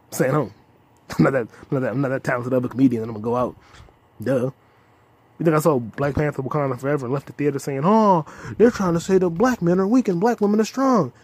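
Husky young man ranting loudly. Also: mid-range voice. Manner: loud profane rants with sudden shouts. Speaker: comedian and podcast host. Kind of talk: solo comedy podcast rant.

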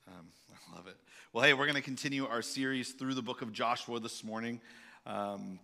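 A male pastor giving a sermon in a candid, halting way, with many fillers and restarts. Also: medium pitch, creaky, bright, forceful tone.

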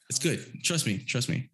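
A man's voice: medium pitch, a bit bright, slightly rough. Young guy guesting on a podcast, swears a lot, chill rambly talk, mid voice. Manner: profane, laid-back, rambling with frequent fillers. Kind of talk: casual chat.

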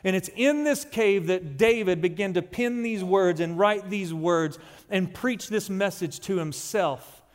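Man, pastor, sermon, high voice, emphatic, drawn-out key phrases, long church reverb. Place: church sanctuary.

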